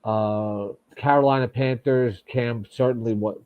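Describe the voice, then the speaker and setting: A man's voice: mid-range voice, steady tone, a little slow, clean tone, dry recording. A man who is a fantasy football guest, chatting in a self-deprecating, talkative way over remote audio. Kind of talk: casual chat. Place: home in New York. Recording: dull dry remote audio.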